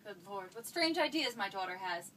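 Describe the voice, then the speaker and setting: A woman's voice: medium pitch, animated, moderate pace, sharp tone. A woman playing a fretful, flustered mother. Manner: fretful, evasive, pleading. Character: anxious, flustered mother of a teenage girl. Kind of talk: stage play acting. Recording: distant mic with faint noise.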